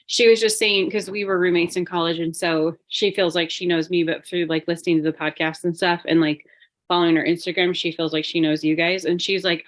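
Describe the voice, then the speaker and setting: A woman's voice: lowish voice, flat delivery, fast talker. A woman on a podcast casually telling a story, with hesitant restarts. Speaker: podcast co-host. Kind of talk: casual chat.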